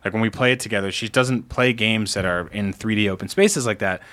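A man co-hosting a gaming podcast who chats in an animated way, with lots of "like" fillers. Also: on the low side, brisk. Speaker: podcast co-host. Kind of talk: casual chat.

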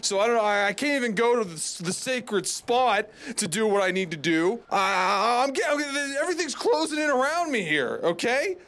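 A man's voice: sits high, animated, moderate pace, few pauses, a bit bright. A man in a comedic monologue, ranting in an agitated, rambling way with lots of restarts. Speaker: comic character monologue. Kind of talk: frantic comedic rant. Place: public library.

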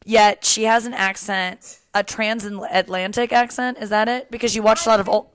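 Young woman, podcast host, casual chatty talk, dry close sound, middle pitch. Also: steady tone, normal speed, fairly bright tone, clear, resonant tone, no echo. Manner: chatty, laughing, swearing freely. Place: apartment couch.

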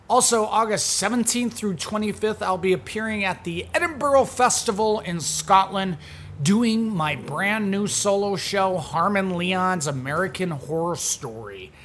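Male comedy podcast host, higher-pitched, playful teasing tone, faint noise. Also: a bit bright. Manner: playful, teasing, quick to laugh. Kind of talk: casual comedy podcast chat.

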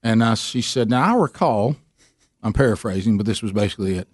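A man's voice: fairly low pitch, expressive, brisk, a little mellow, dry recording, clean studio sound. A middle-aged man, telling a story in a casual interview, self-deprecating and often repeating himself. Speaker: guest talking about his men's ministry.

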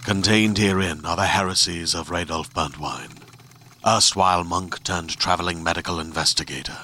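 A man voicing a brooding male heretic monk turned plague investigator, speaking in solemn, deep dramatic narration. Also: normal speed, sharp tone, a little hiss or hum. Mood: grim.

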